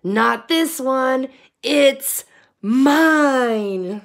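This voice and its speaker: A woman voicing a quarrelsome, greedy little male frog in a storybook, yelling defiantly. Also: sits high, expressive, drawn-out words, vocal fry, pitched above the performer's own voice, heavily acted.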